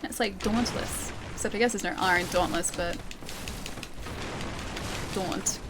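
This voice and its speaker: A woman's voice: mid-range voice, brisk, noisy background. An Australian woman streaming a game from her living room, chatting and laughing often as she answers viewer comments. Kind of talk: live gameplay stream, chatting with chat.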